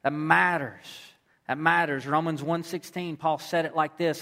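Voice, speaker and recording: A man's voice: on the high side, steady tone, measured pace, pushed and bright. A man preaching a sermon, telling a story and repeating phrases for emphasis. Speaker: pastor.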